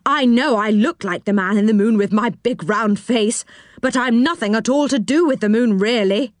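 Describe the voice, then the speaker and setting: A woman's voice: on the high side, moderate pace, no room sound, clean studio sound, natural voice. A woman voicing a kindly, round-faced male magical creature who lives in a treehouse, eager and friendly. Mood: protesting.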